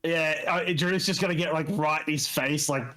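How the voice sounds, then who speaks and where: A man's voice: fairly high pitch, steady tone, a little fast, sharp tone. A man, a player at a tabletop game, chatting casually and swearing freely. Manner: swears freely, rambling asides.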